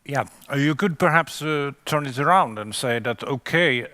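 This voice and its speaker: A man moderates a panel discussion, framing pointed questions and pausing to correct his own figures. His voice is bright and forward, and the sound is close and dry. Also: medium pitch, no echo. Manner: probing questions, self-correcting.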